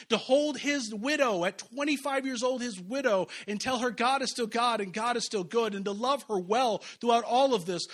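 A man's voice: high voice, a bit bright. A man preaching as pastor, talking conversationally to his church and rising to fervent emphasis. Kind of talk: sermon.

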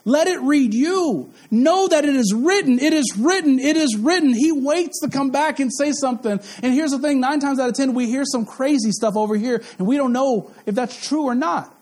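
High-voiced man preaching with fervor. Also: normal speed, hardly any pauses, a little mellow. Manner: impassioned, repetitive, asks the crowd questions. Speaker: pastor. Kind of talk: sermon.

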